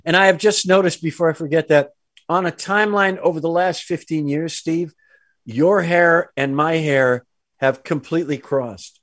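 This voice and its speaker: A man's voice: a little high, moderate pace, fairly bright tone, dry recording, studio quality. A man hosting a podcast, chatting casually about sports and cracking jokes with his co-host. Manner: joking, reads mock sponsor plugs.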